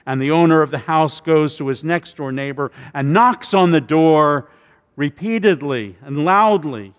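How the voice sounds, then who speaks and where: A man delivers a sermon at an unhurried pace, often repeating himself and restarting phrases as he goes. His voice sits at an ordinary pitch. It rings out with the long reverb of a large church hall. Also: clear, resonant tone. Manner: halting, with repeated words and restarts. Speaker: pastor.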